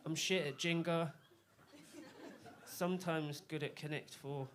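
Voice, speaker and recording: Guy doing deadpan stand-up, self-deprecating, kinda high voice, club stage. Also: unhurried, heavy background noise. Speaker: stand-up comedian. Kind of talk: live stand-up set.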